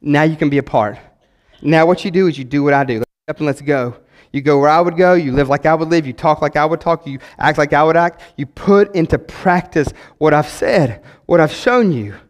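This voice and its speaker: Man, pastor in his thirties, high-voiced, impassioned preaching with loud and hushed swings, reverberant church hall. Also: brisk. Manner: impassioned, swings between loud exhortation and quiet emphasis. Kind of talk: sermon. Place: church sanctuary.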